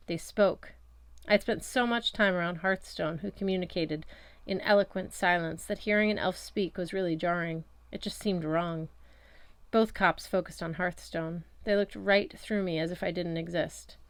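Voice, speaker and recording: A woman with a lowish, steady voice reads a first-person story aloud. Her delivery is wry and conversational. The recording is close and dry with no room sound. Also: moderate pace, smooth, no room sound. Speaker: audiobook reader. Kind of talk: first-person audiobook narration.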